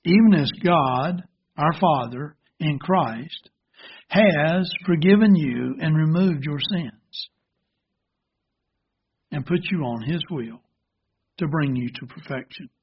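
A man's voice: a little high, husky, dull audio. A man preaching a sermon, earnest and illustrative, telling a parable. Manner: slow, earnest, gently illustrative. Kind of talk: sermon with storytelling.

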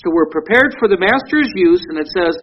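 A man's voice: sits high, animated, a little fast, slightly rough. A middle-aged man, a pastor, preaching a sermon in a conversational way, often restarting his sentences. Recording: dull lo-fi recording with faint noise.

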